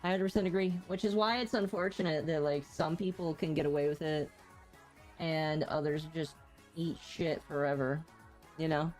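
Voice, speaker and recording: A woman co-hosting a podcast gives her frank opinions in casual chat and laughs easily. Her voice sits a little low for a woman. Soft music plays faintly underneath. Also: steady tone, moderate pace. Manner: blunt and opinionated, laughs often. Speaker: podcast co-host.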